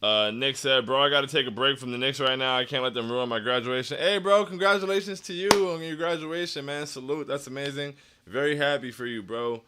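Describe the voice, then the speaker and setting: A man's voice: medium pitch, a little fast, bright, forceful tone, slight background noise. A man hosting a postgame livestream, reading chat comments, sounding dejected and down, often restarting his sentences. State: down after a loss. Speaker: stream host.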